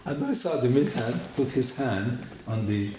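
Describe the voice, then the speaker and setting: A man giving a personal testimony in halting, non-native English, telling his story in an animated way and often laughing between phrases. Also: medium pitch. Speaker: church testimony speaker. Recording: echoey room with faint noise.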